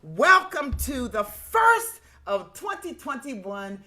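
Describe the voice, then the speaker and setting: A woman's voice: high-pitched, big pitch swings, takes it slowly, sharp tone, faint music behind. A woman hosting a livestream singing program, exuberantly whooping and greeting viewers one by one by name over a video call. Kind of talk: lively livestream welcome.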